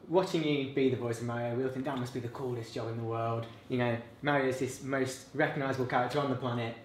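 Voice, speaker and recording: Young man, quick interviewer, echoey room, faint ambience. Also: medium pitch, fairly even intonation, a little hiss or hum. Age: young adult. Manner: quick, upbeat, laughs along. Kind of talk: casual interview.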